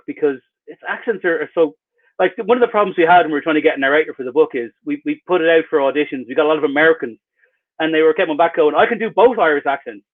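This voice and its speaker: A man, an author, giving rambling, wry and self-mocking answers in a casual interview over a video call. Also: fairly high pitch. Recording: tinny phone-like video call line.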